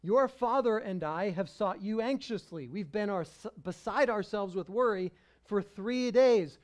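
Man putting on a scolding mother, worried and exasperated, higher and louder. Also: measured pace. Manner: exasperated, raised voice. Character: worried scolding mother, middle-aged woman.

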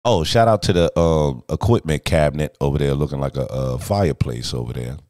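A man hosting a casual live stream, talking in an animated, profane way that swings from shouts to mutters. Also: rumbling low, fairly quick, no echo, clean studio sound. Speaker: streamer and host.

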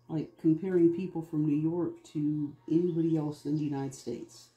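Very mellow-voiced man chatting in a roomy space. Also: on the high side, steady tone, normal speed, few pauses. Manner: rambling, chatty, wanders between topics. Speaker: art channel host. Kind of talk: casual chat while making art. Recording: roomy echo, faint music behind.

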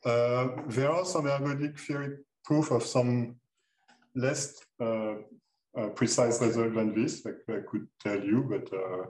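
A man's voice: mid-range voice, steady tone, a little mellow. Man lecturing in an echoey hall. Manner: halting, many fillers and restarts. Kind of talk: math seminar lecture. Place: lecture room. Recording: echoey lecture hall, mic far off, noisy.

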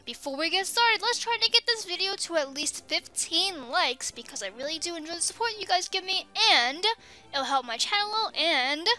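A young woman hosting a game let's play, gushing excitedly and reading the game's text aloud as she plays. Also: high-pitched, moderate pace, soft background music. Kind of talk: excited gameplay commentary with facecam.

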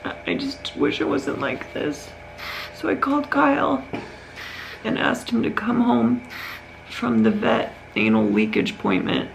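A worn-out woman speaks straight to the camera in a casual home vlog, her voice full of heavy gravelly fry. Her pitch swings widely as she rambles through her story, and a faint hiss sits under the recording. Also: sing-song, a little slow, poor audio. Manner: candid, rambling storytelling with many restarts. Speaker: vlogger.

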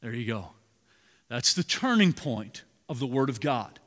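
A man preaching a sermon as pastor, animated, swinging between loud emphasis and hushed asides. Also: mid-range voice, measured pace. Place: church sanctuary. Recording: long reverb in a large hall.

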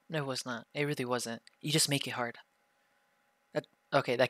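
A man's voice: mid-range voice, steady tone, a little fast, fairly bright tone, no room sound, studio quality. Bratty, cursing young man in ASMR role-play. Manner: bratty, teasing, heavy swearing. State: sore throat from illness.

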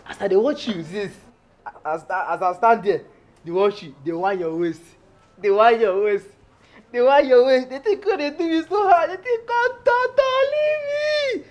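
An actor with a Nigerian Pidgin accent playing a comic young houseboy, greedy and lovestruck, who rambles and pleads theatrically. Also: male voice, sits high, unhurried, pauses often, a little mellow, muffled recording. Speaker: actor playing a lovestruck, food-obsessed houseman named Friday. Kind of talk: Nollywood film acting.

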